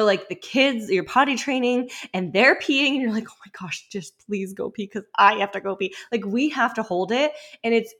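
A pregnant woman in her thirties hosting a casual solo podcast, talking in a chatty way with lots of "like" and quick restarts. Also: mid-range voice, a bit bright. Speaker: podcast host.

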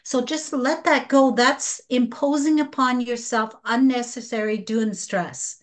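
Woman, podcast guest, slightly high voice, unhurried, heartfelt delivery. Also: fairly even intonation. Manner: slow, earnest and emotional. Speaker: guest practitioner. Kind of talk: spiritual podcast conversation.

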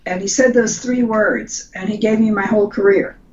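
An older woman, a designer and guest on an interview podcast, telling lively stories about her career with frequent restarts. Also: normal speed. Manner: animated storytelling with restarts. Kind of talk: conversational interview. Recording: lo-fi with faint rumble.

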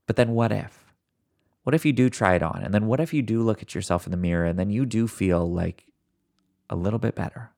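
A man hosting a motivational podcast, talking earnestly and encouragingly straight to his listeners, a fast talker who sometimes slows down on purpose. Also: on the low side. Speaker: podcast host. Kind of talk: motivational solo podcast talk.

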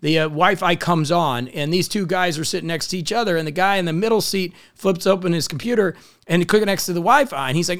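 A middle-aged man giving an energetic, enthusiastic motivational talk, telling stories and acting out the people in them. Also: high-pitched, fairly quick. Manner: energetic, enthusiastic, storytelling with acted quotes. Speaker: motivational speaker.

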